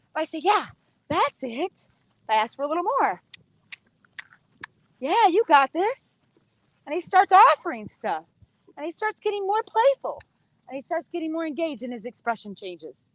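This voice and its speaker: A woman's voice: a little high, fairly bright tone, dry recording, poor audio. Chatty woman coaching a horse. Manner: chatty, coaxing praise to the horse. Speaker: horse trainer. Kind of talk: casual teaching while working a horse.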